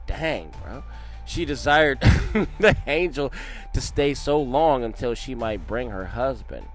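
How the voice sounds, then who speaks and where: A man hosting a read-along who jumps between reading an old text and excited, slangy commentary. His pitch swings widely as he talks, and faint music plays underneath him. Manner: animated, slangy asides, repeats "man" and "boy".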